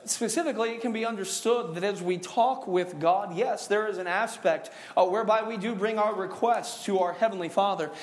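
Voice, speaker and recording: A male pastor preaching a sermon, joking with the congregation and calling for responses, stretching out key words. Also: high voice. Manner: call-and-response preaching, drawn-out emphasis; jokey, laughing asides. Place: church sanctuary.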